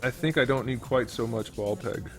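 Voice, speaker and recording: A man's voice: mid-range voice, normal speed, soft background music. Rambling man talking through his work. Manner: rambling, thinking aloud while he works. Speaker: YouTube host and 3D modeler. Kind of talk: casual live-streamed modeling tutorial.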